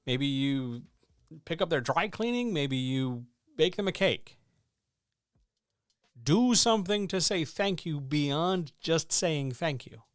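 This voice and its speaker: A man's voice: fairly high pitch, lively intonation, slow, clean tone, dry recording, studio quality. A man coaching writers in a casual, emphatic way, often asking rhetorical questions. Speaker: writing coach and editor. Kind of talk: casual instructional talk.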